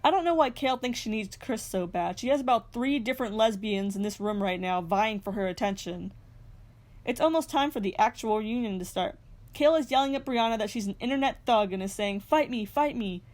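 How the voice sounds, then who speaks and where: A woman's voice: on the high side, brisk, a little mellow. A young woman narrating a reality TV recap in a scripted way, with sarcastic, snarky asides. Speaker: recap host.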